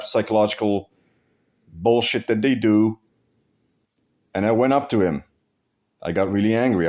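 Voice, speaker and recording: A man's voice: lowish voice, a little mellow. Blunt, profane man telling a story. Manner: restarts and repeats phrases. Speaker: vlogger. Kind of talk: casual vlog monologue.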